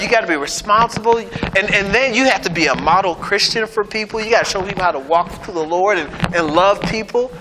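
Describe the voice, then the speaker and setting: Man, preacher, high voice, conversational sermon, sarcastic asides, long hall reverb, noisy recording. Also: a little fast, hardly any pauses. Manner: conversational preaching, keeps asking "right?".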